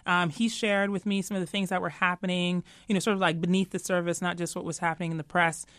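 A woman's voice: lowish voice, flat delivery, quick pace, a bit bright, dry recording. A woman being interviewed, talking animatedly and laughing easily, peppering her talk with "you know". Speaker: guest, tech executive. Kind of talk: casual interview chat.

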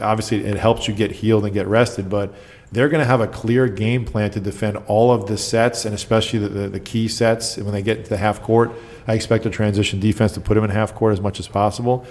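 Middle-aged man with a low voice, guest coach with lively, acted-out anecdotes. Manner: animated storyteller, acts out quotes. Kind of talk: casual storytelling chat.

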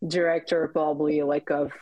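French-speaking woman, hesitant, lower voice. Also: level tone, moderate pace, darkish tone, no room sound. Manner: hesitant, many fillers and restarts. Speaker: podcast guest. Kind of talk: casual chat.

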